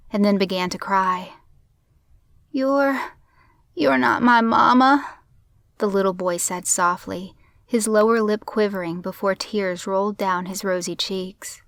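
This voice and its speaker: A woman narrating a crime story in a steady, measured audiobook reading. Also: medium pitch, no room sound.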